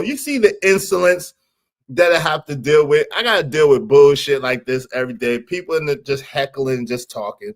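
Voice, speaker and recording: A man hosting a casual live stream, animated and teasing, with frequent laughs. His voice sits a little high for a man. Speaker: livestream host.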